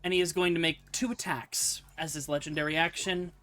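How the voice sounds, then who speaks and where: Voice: medium pitch, fairly even intonation, brisk, fairly bright tone, no room sound, faint music behind. A playful, teasing game master narrating a streamed tabletop game.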